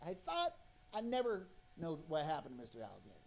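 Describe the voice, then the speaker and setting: A man's voice: high-pitched, wildly swooping pitch, fairly quick. A man telling a rambling, profane story on stage as a stand-up comedian.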